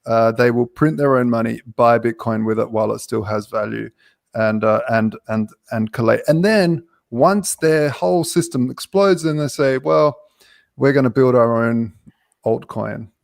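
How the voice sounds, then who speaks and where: Male panel guest, gravelly, mid pitch, stammering, animated. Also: moderate pace, no room sound, studio quality. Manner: animated, stammers, acts out quotes. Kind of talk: casual discussion.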